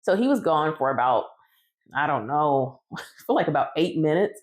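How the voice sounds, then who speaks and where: A woman's voice: low-pitched, very animated, moderate pace. A woman who bakes cakes, recounting her story casually in a conversational vlog. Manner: casual, conversational, retelling dialogue. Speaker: home cake baker telling her story.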